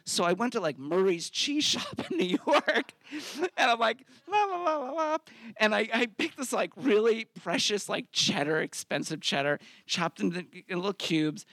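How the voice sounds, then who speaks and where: A man's voice: high voice, animated, normal speed, fairly bright tone, no room sound. A man hosting a live story slam, telling a comic personal story and acting out the quotes in it with big swings of his voice. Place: theater stage.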